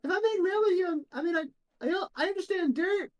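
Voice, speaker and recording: A woman's voice: very high-pitched, fast, darkish tone, voice pushed up. A woman voicing a tiny, meek male worker ant who stammers humbly and rambles. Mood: reverent.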